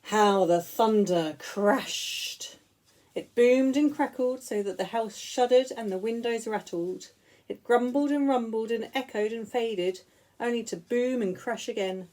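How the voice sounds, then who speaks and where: A woman teacher reading picture books aloud to young children in an expressive, sing-song way. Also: fairly high pitch, a little slow. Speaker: school teacher.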